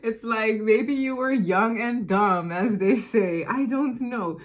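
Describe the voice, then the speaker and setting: A woman's voice: on the high side, takes it slowly, a little hiss or hum. A woman giving a casual tarot reading straight to her viewers, chatty and rambling, often laughing and restarting her sentences. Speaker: tarot reader.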